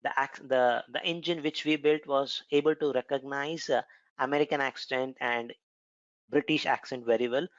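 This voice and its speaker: A man's voice: medium pitch, steady tone, normal speed, dry recording, lo-fi sound. A man with an Indian accent explaining cloud features in a conversational recorded lesson, with frequent filler words. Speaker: cloud computing instructor. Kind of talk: recorded technical lesson with demo.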